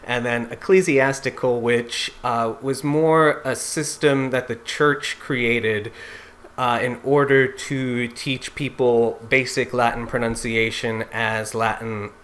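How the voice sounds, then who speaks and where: A man's voice: mid-range voice, steady tone, slow pace, a bit bright. A man teaching singers in an informal lecture, explaining step by step in a conversational way. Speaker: singing teacher.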